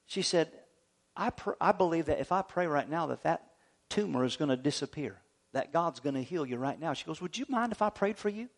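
Storytelling male preacher, fairly high voice. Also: animated, fairly quick. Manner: storytelling preacher, acts out quoted voices, calls for amens. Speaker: pastor. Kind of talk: sermon.

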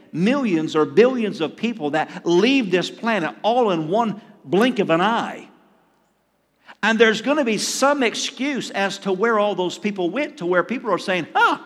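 An older pastor preaches in a chatty, storytelling way, now and then acting out his own asides. His voice sits high for a man. It carries the long reverb of a church hall. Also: fairly bright tone. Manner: conversational preaching with acted asides and chuckles. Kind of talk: sermon. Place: church sanctuary.

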